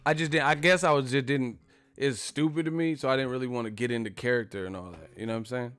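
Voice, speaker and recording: A male host chats casually on a live stream in a mid-pitched voice. He rambles, swears freely and laughs at his own jokes. The sound is dry and close, with faint music playing underneath. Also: fast talker, a bit bright, no echo. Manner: profane, rambling, laughs often.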